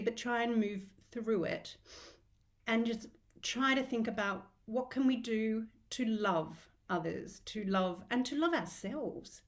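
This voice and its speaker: A middle-aged woman with an Australian accent hosts a diet group in a casual live video talk. She speaks in a heartfelt, encouraging way, with rambling restarts. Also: fairly high pitch.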